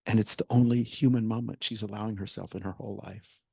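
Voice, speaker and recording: A man's voice: lowish voice, steady tone, fast, creaky, warm tone, husky, dry recording. A man speaking as a guest at a public talk, animatedly retelling a story and acting out quoted lines, sometimes dropping almost to a whisper. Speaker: guest speaker, theater director. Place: library event hall with live audience.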